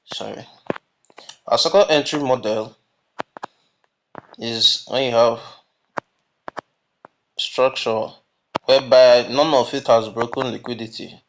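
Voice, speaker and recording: A man's voice: medium pitch, steady tone, takes it slowly, pauses often. Man teaching, checking with "you get?". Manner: asks questions and answers them himself. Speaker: trading instructor. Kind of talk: screen-recorded lesson. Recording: muffled lo-fi mic with background noise.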